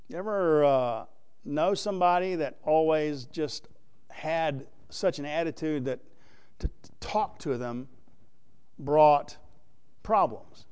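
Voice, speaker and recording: A man's voice: high voice, lively intonation, normal speed, clean tone. A man preaching a sermon, explaining scripture in a conversational way and asking the audience questions.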